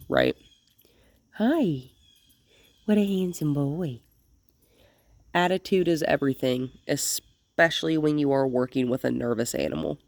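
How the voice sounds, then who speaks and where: A woman's voice: low voice, a little mellow, no echo. A woman dog trainer giving hands-on instruction, explaining plainly and switching to cheerful, coaxing talk with the dogs.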